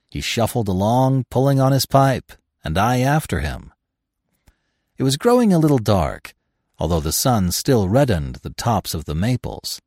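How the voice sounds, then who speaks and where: A man narrating a classic story in a measured, expressive audiobook reading. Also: mid-range voice, dry recording, clean studio sound.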